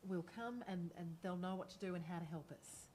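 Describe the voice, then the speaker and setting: A woman playing a supportive friend in a role-play, speaking gently and patiently to reassure him. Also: on the low side, fairly quick, a little hiss or hum, close to an everyday voice. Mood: calm. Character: calm supportive friend talking someone down.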